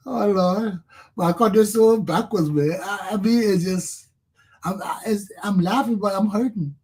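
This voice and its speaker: A Liberian man with a Liberian accent delivers a passionate solo commentary in a high, husky voice. He speaks slowly with long pauses, breaking into bitter laughter and sudden outbursts.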